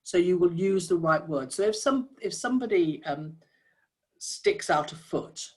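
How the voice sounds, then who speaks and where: A trainer of audio describers talks through their feedback in a steady, measured way, pausing on fillers and restarting sentences as thoughts form. The voice sits at a middling pitch and comes through a video call. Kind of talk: giving feedback in a workshop.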